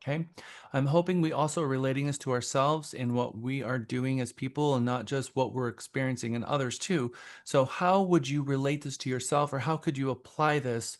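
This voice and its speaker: A man's voice: medium pitch, brisk. A man sales trainer leading a class, talking conversationally and asking the group questions. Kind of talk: classroom instruction.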